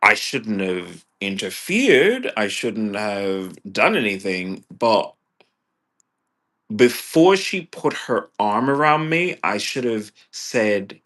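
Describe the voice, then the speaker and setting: A man vlogging a profane, exasperated personal rant that swings between low mutters and loud bursts. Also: very animated, slow pace.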